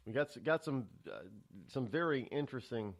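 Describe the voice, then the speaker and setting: With a mid-range voice and a slightly quick delivery, a New England man hosts a morning call-in show on live radio. What begins as friendly chatter slides into anger, his rambling peppered with fillers and restarts.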